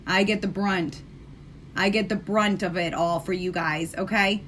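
Live-stream host: American woman, sassy and talkative, bright tone. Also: mid-range voice, steady tone, unhurried, slight background noise. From United States. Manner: chatty, sassy, talks straight to viewers. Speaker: live-stream host doing her makeup. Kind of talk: casual live chat.

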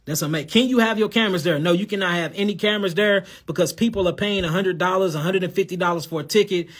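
A man's voice: sits high, quick pace, breathy edge. A man from St. Louis with a St. Louis accent and a lisp, casually answering viewer questions on a live show. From St. Louis, USA. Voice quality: lisp on s sounds. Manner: casual, addresses viewers as y'all and God. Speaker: herbal health host.

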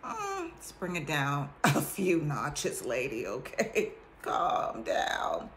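A woman voicing God as a patient, mildly scolding fatherly voice in her own low tone. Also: huge pitch swings, slow, fairly bright tone, slight background noise, full character voice. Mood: gently chiding.

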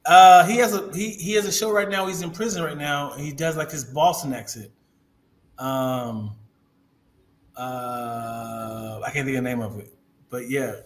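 A man in a casual podcast chat who speaks haltingly and often searches for words. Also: mid-range voice, steady tone, slight background noise. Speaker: podcast guest.

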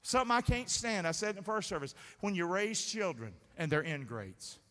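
A man's voice: high-pitched, animated, a little fast, pushed and bright. A man preaching a sermon from the stage, drawing responses from the congregation with repeated questions. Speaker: pastor. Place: church sanctuary. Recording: reverberant sanctuary sound.

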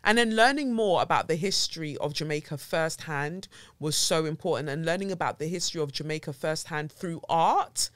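London woman chatting on her podcast, low voice but bright and punchy, dry close mic, super animated. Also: dry recording. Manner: animated, exclamatory, swears and laughs freely. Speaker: podcast host. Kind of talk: casual solo podcast chat. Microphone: studio podcast mic.

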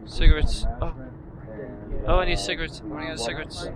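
A man doing let's-play commentary, talking to himself in a frantic way and bursting out loudly. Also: on the high side, lively intonation, fairly quick, a loud crowd, rough recording. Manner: frantic self-talk with loud outbursts. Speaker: gaming commentator.

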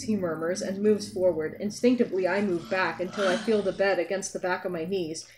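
A woman reading a novel aloud in steady, wry narration, breaking off for joking asides. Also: on the low side, fairly quick, noisy background. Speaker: reader.

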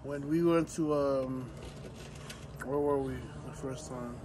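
A man, a professional wrestler, telling stories in casual chat, animated and laughing as he acts out what others said. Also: mid-range voice, slow pace, noisy background. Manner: animated, laughing storyteller acting out others' voices. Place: outdoors, hot day.

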